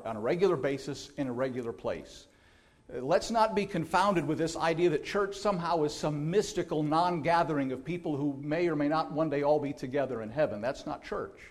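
A man delivers a sermon from a church pulpit. His voice sits a little higher than most men's. He talks plainly and earnestly, now and then restarting a phrase. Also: a little mellow. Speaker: guest preacher. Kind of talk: sermon with scripture reading and prayer. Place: church sanctuary.

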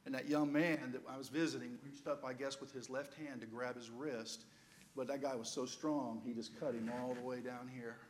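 A man's voice: mid-range voice, fairly even intonation, normal speed, slight background noise. An older man preaching, telling a playful, humorous personal story as a storytelling sermon.

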